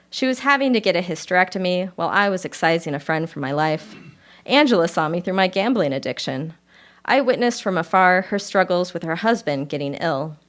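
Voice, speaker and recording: A woman author reading her personal essay aloud at a live reading, in a measured and expressive voice. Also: lowish voice. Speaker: author reading own work.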